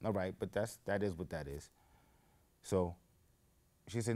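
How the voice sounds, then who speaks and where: A man with a fairly low voice hosts his show at a moderate pace, leaving long pauses. His casual stories meander into tangents, and he becomes lively, raising his voice, whenever he quotes someone.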